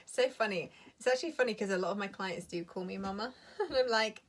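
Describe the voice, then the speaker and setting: A woman's voice: medium pitch, lively intonation, fairly quick. A woman in her thirties ranting blunt and sweary on a live stream as a coach, laughing often. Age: 30s.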